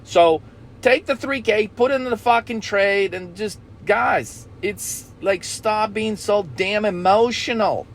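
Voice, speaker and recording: A man's voice: sits high, slow pace, vocal fry. A man coaching traders in a blunt, profane talk, often checking in with "okay?". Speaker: trading coach.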